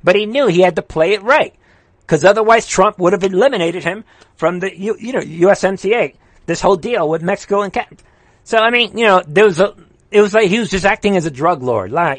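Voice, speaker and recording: A man's voice: sits high, lively intonation, a little fast, dry recording. A man hosting a livestream, ranting in heated political commentary, straining his voice and reading viewer comments aloud. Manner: impassioned, ranting, repeats rallying calls. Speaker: livestream host.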